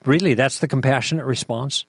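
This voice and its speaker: A man's voice: mid-range voice, a little fast, creaky, slightly rough, no echo, clean studio sound. A man hosting an apologetics discussion, talking in an impassioned, emphatic way and firing off rhetorical questions. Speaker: podcast host.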